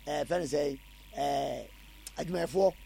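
A Ghanaian man answering questions in a casual interview, animated and mixing in English words. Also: on the high side, a little slow, gravelly, slight background noise.

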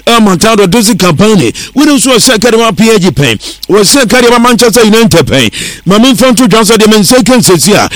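Man, radio sports news read, high voice, dry close studio mic. steady delivery. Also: no echo. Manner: steady newsreader delivery, mixing English words into his talk.

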